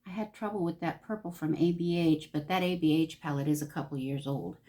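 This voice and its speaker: A beauty vlogger from Los Angeles, California, chats casually through a makeup tutorial, gushing and talking to herself as she applies it. Her low voice is mellow and fairly quick.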